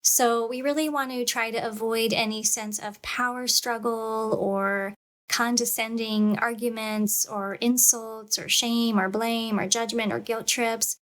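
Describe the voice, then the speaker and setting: A woman and parent giving a calm, measured lecture on parenting, acting out what a parent might say. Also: on the high side. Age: adult parent. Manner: calm, measured, demonstrates parent scripts aloud.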